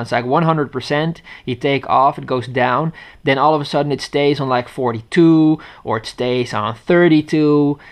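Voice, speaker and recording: A man with a Dutch accent, speaking off the cuff in a smooth, resonant voice at a mid pitch. He rambles and restarts his sentences often as he reviews a gadget into a head-mounted action camera. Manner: rambling, with many fillers and restarts. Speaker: tech reviewer. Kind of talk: unscripted casual review.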